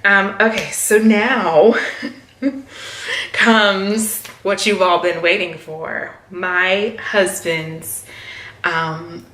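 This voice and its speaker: A woman's voice: mid-range voice, fairly even intonation, extremely slow, pushed and bright. A woman in her thirties chatting casually to camera about her hair, with many fillers and voiced quotes. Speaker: hair vlogger. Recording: echoey room.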